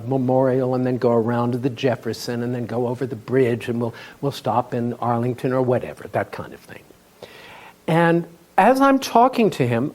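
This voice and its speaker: An animated man tells a funny tale to a festival audience. His voice swings widely in pitch and has a husky, slightly raspy edge. He keeps a bright humorous lilt in his delivery. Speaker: storyteller, tour guide. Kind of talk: live storytelling performance. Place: festival stage before an audience.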